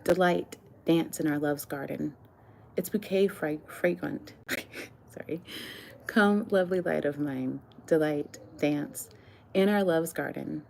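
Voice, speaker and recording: A woman reading her own love poems aloud in a soft, earnest, slow and tender way. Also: low voice, gravelly, a little hiss or hum.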